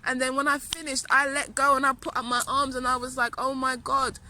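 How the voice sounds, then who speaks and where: Woman, spiritual teacher, storytelling monologue, earnest, emphatic, repeats herself, slightly high, bright tone. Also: little pitch movement, a little fast, slight background noise.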